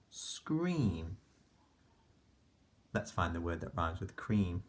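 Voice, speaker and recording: A man teaching a phonics lesson to young children, slowly sounding out letters one by one and praising the class patiently. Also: low voice, very animated. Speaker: primary school teacher.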